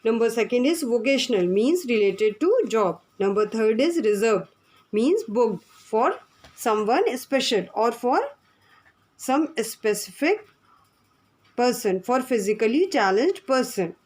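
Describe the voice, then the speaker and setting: A woman teacher, her voice pitched a little high. She explains words to young pupils in a patient lesson tone and spells each one out letter by letter. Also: lively intonation, measured pace, a little mellow. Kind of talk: online class lesson.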